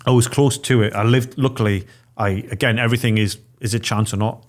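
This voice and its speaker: A middle-aged man telling a story in a relaxed podcast chat, acting out the voices of the people in it. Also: mid-range voice, fairly quick. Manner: vivid storyteller, acting out quoted dialogue. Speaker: podcast guest.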